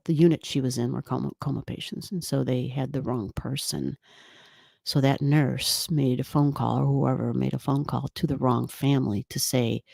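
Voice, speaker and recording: Low-voiced woman chatting on a livestream. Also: vocal fry, dark tone, no echo, clean studio sound. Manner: rambling, halting, many restarts and fillers; reads viewer comments aloud. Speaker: livestream host. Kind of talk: casual live-stream chat. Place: home room.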